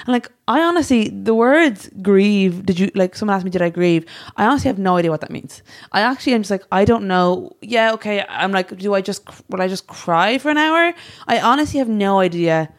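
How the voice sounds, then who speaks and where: A woman's voice: mid-range voice, lively intonation, brisk, few pauses. A woman co-hosting a podcast, chatting casually and rambling, with many restarts and lots of "like". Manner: rambling, restarts a lot, heavy use of "like". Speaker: podcast co-host. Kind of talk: casual chat.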